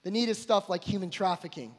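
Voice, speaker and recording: A young man preaching an emphatic sermon to a crowd, swinging between loud calls and hushed asides. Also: high voice, lively intonation, fast. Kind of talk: energetic sermon to a live crowd. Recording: long hall reverb.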